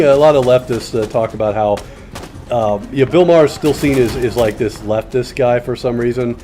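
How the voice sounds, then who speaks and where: A man's voice: mid-range voice, warm tone. A man chatting loosely while playing a game, full of fillers and restarts, with sarcastic asides. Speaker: gaming commentator. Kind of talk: casual rambling commentary while playing a game.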